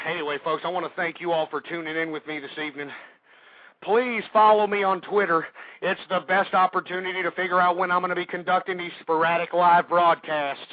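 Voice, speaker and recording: A man hosting a talk radio show, delivering an angry ranting monologue that swings between yelling and low muttering. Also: no room sound. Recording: dry, tinny phone-like internet radio audio.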